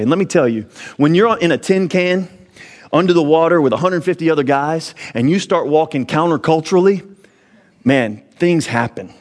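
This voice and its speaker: A man, giving an earnest testimony in a sermon, his voice jumping up when he gets emphatic. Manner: earnest storytelling, pitch rising sharply when emphatic.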